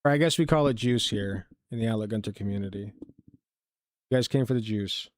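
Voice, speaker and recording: A man with a lowish voice talks a little fast, recorded dry with studio quality. He's hosting a casual reaction stream, rambling along, swearing, and cutting himself off mid-thought.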